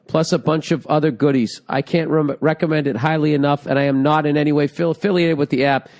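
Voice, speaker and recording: A man's voice: medium pitch, darkish tone. A man hosting a casual comedy podcast, joking crudely and reading out listener emails, with a sore throat. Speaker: podcast host.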